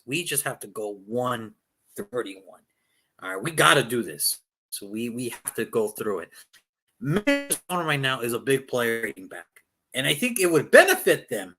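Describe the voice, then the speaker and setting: A man's voice: mid-range voice, big pitch swings, moderate pace, bright, forceful tone, breathy edge. A man co-hosting a casual sports podcast, talking emphatically and with exasperation, firing off rhetorical questions.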